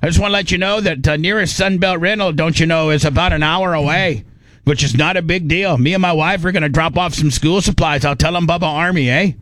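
Comic bit: male host doing an overdone friendly Canadian dude, raised pitch, singsong, dry studio sound. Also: a bit bright, dry recording, close to an everyday voice. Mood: folksy. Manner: singsong, drawn-out vowels, ends lines with questions. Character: exaggerated chatty Canadian man caricature. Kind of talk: comic impression on talk radio.

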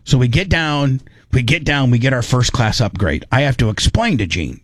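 A man's voice: mid-range voice, lively intonation, moderate pace, no echo, studio quality. A man casually telling a long, rambling story, with restarts and lots of fillers.

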